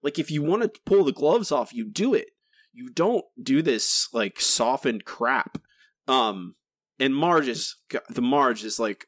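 Podcast co-host, male, exasperated and rambling, lively pitch swings, dry close mic. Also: measured pace, dry recording. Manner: exasperated, rambling with many restarts. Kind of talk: casual critical chat.

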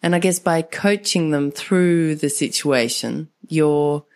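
A woman's voice: deep voice, slow pace. A woman hosting an interview, listening attentively and posing thoughtful questions. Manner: attentive, frequent soft affirmations. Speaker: interview host. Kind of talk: podcast interview.

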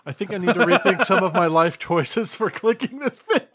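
A man's voice: sits high, fairly quick, fairly bright tone, husky. A man co-hosting a podcast in casual chat, laughing and swearing as he goes. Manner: laughing, profane banter. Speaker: podcast co-host.

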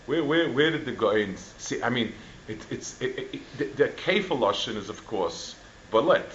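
A man giving a Torah class, talking in halting runs with many restarts and Hebrew and Yiddish terms mixed in. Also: mid-range voice, animated, fairly bright tone, lo-fi sound, slight background noise. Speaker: Torah teacher.

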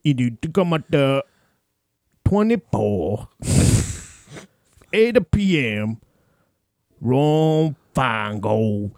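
A man putting on a slow-drawling old Creole grandpa. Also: medium pitch, expressive, darkish tone, no echo, clean studio sound. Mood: crooning. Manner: slow, exaggerated drawl with pet names. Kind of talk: comedy podcast bit, slowed delivery.

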